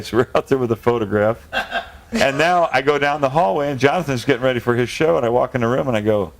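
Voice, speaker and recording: Mann erzählt lebhaft eine Anekdote. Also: male voice, mid-range voice, a little fast. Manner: animated anecdote teller, acts out quotes. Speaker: guest. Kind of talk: casual comedy chat.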